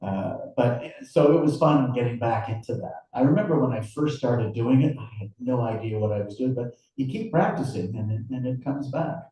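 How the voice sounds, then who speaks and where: A man's voice: medium pitch, moderate pace, few pauses, mellow, far from the mic. A man, an author, chatting casually and self-deprecatingly about his novel at a book event. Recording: very echoey room, voice from afar.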